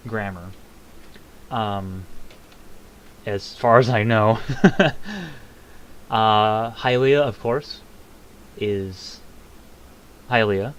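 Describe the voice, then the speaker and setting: A man's voice: on the low side, slight background noise, low-quality recording. A young man casually commenting on a game's lore, rambling with many ums and self-deprecating jokes.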